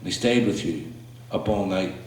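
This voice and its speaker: A man performing his spoken word poetry to a small audience, slow and halting between pieces, with fillers and restarts. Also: deep voice, darkish tone. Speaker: poet performing his work. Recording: echoey room, mic far off.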